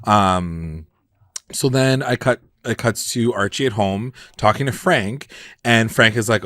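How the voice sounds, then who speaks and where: Animated man recapping TV, dry-voiced. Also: fairly low pitch, slow, dry recording. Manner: animated, heavy on "like", swears freely. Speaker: podcast co-host. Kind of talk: casual TV recap chat.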